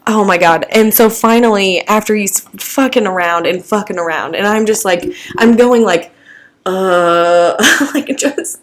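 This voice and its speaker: A woman's voice: mid-range voice, measured pace. A young woman from the American Midwest, co-hosting a podcast and telling a story in a casual, chatty way, laughing often and swearing freely. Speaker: podcast co-host.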